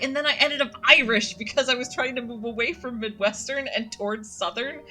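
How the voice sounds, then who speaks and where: A woman's voice: high-pitched, pushed and bright. A woman streamer musing and rambling while playing and reading a story game aloud. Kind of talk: let's-play commentary and reading aloud.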